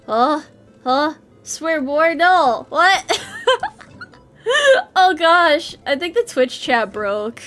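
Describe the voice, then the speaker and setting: A woman's voice: high-pitched, lively intonation, extremely slow, a bit bright, soft background music. A woman streaming a game, chatting casually with rambling self-deprecating jokes and nervous laughs. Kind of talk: casual game livestream chat.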